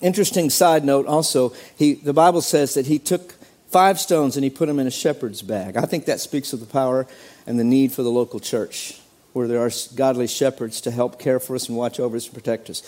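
A man preaching a sermon as pastor, animated, acting out quoted voices with sudden jumps in pitch. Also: fairly quick.

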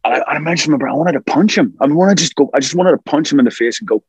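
A man's voice: on the high side, rapid-fire, breathy edge, no room sound. A middle-aged man, a rock singer from Scotland, telling stories in a casual interview and acting out what people said. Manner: animated storyteller, acts out quotes.

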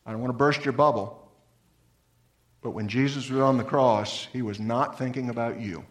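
Man preaching an earnest sermon. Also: moderate pace. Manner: earnest, swings from lively emphasis to soft low-voiced appeals. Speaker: pastor.

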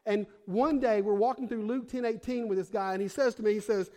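A young man with a fairly high voice preaches in a church, talking the way he would with friends, full of "like" and "bro". He swings between hushed, intimate storytelling and loud, fired-up emphasis. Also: steady tone, brisk, hardly any pauses. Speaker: pastor. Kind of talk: sermon.

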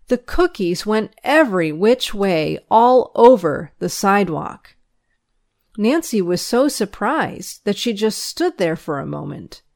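A woman reading a school paper aloud, its news and its stories, in a measured, expressive storytelling way. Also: medium pitch. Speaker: reader.

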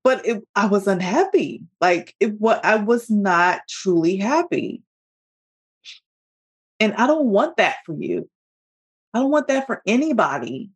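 A woman's voice: mid-range voice, expressive, breathy edge. A woman hosting a motivational podcast, talking heartfelt and emotional, calling her listeners y'all as she coaches them. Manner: heartfelt, emotional, slow deliberate emphasis. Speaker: podcast host and business coach.

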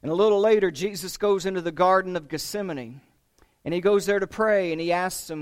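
A man preaching a sermon, retelling a story with emphatic rises and hushed drops. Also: high-pitched, a little fast, clear, resonant tone. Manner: emphatic, dramatic retelling with rising and falling intensity.

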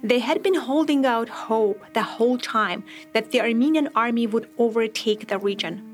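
A woman hosting a podcast, telling a true story in measured, reflective scripted narration. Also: fairly high pitch, faint music behind.

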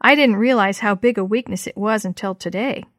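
A good-humored older lady who keeps everything, with a wry edge in her storybook lines, as a woman reads her. The voice sits at a middle pitch, recorded close and dry. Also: a little fast, a bit bright, dry recording, close to an everyday voice. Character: older woman, a cheerful hoarder.

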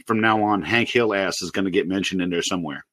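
Joking podcast co-host man, low voice. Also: a bit bright, no echo. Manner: laughs often, quick joking asides. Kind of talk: casual podcast chat.

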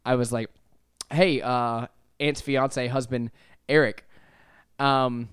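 A young man hosting a casual podcast, telling stories with lots of laughs and animated voices. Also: medium pitch, takes it slowly, clean tone, no room sound, clean studio sound. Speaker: podcast host. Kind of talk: casual chat. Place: apartment.

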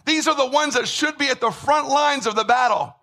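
A man preaching a sermon with emphasis, repeating words and rising to shouts. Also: very high voice, brisk. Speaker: pastor.

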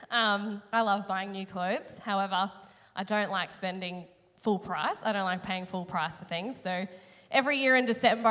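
A woman's voice: mid-range voice, fairly bright tone. A woman, preaching a sermon through a chatty, self-mocking personal story, her voice a little strained today. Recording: long hall reverb.

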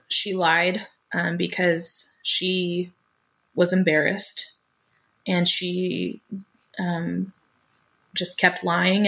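An earnest woman recounts a painful family story in a relaxed, conversational way. Her voice sits a little low for a woman, and she often stumbles and repeats her first words before pressing on. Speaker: guest telling her life story.

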